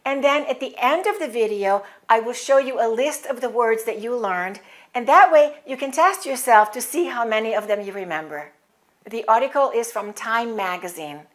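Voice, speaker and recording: Woman ESL teacher, fairly high-pitched, precise deliberate diction. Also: animated. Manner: clear, deliberate enunciation with model words for repeating. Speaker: English teacher. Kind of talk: scripted pronunciation lesson.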